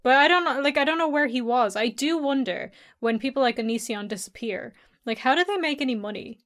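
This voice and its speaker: A woman guesting on a casual podcast, making dry, blunt remarks. Her voice is a touch high. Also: fairly quick, fairly bright tone. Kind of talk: casual chat.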